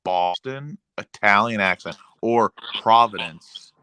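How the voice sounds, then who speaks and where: A man's voice: fairly low pitch, slow pace, sharp tone, clear, resonant tone, no room sound. A man on a casual live-stream chat, blunt and dismissive in his opinions. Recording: noisy line with clicks.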